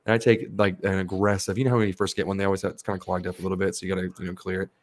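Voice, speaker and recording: A man hosting a podcast, telling rambling, animated stories in casual chat and swearing freely. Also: low-pitched, very fast. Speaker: podcast host.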